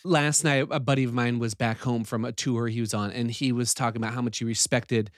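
A man's voice: medium pitch, steady tone, a little fast, dry recording, clean studio sound. A man hosting a podcast, talking candidly and self-deprecatingly with lots of casual fillers. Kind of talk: casual conversation.

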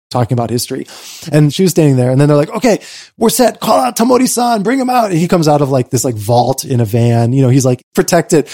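A middle-aged man telling a lively story in a casual conversation, acting out quotes and saying "like" a lot. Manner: animated, acts out quotes in a high voice, many "like"s. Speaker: guest.

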